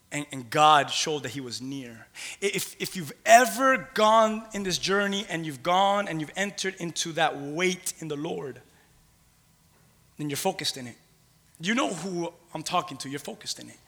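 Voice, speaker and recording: A man preaching a sermon with passion, swinging between hushed, intimate lines and loud, rising calls, repeating phrases rhythmically and calling on the congregation to respond. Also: fairly high pitch, animated, normal speed. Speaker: pastor.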